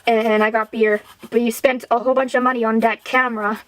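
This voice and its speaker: A gruff, hard-drinking middle-aged father who scolds his son, as a woman puts him on while retelling a story. His lines come in a blunt, nagging tone. The voice sits a little high. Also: level tone, brisk, dry recording, natural voice. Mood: scolding.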